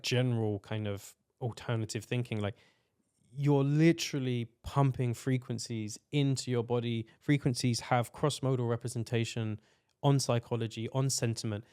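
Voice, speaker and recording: A man speaks as a guest on a podcast, with a mid-range voice that sits neither high nor low. His delivery is earnest and exploratory, and he reaches for words with plenty of "like" fillers. He unpacks his ideas at length in a loose, conversational way. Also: normal speed, darkish tone, smooth. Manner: earnest, searching, many "like" fillers. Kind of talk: reflective conversational explanation.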